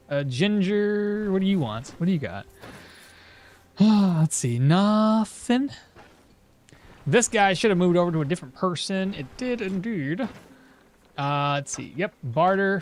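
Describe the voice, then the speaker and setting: A game streamer chatting casually with viewers while playing, animated and talkative, breaking off to coo at a pet at home. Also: mid-range voice. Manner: animated, chatty, talks to chat and coos at a pet.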